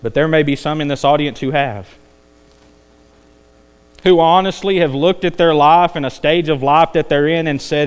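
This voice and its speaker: A man preaching a sermon, climbing to intense peaks and then dropping low and quiet. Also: moderate pace, pauses often, clear, resonant tone. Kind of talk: evening sermon.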